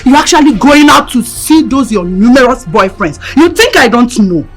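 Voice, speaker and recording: A scornful, domineering Nigerian sister-in-law who mocks and shrieks insults. Her voice runs high and swings wildly, over faint film music. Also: big pitch swings, normal speed, slightly rough, poor audio. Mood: mocking. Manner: shrill shouting, insulting, mocking.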